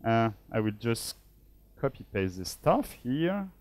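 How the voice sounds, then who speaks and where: A man from Switzerland talks slowly through a live coding demo at a conference. He thinks aloud as he types and pokes fun at himself. The sound is close and dry, with almost no room echo. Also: mid-range voice, sing-song, a little mellow. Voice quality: measured, self-deprecating. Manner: thinks aloud while typing code. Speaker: conference speaker. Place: conference hall.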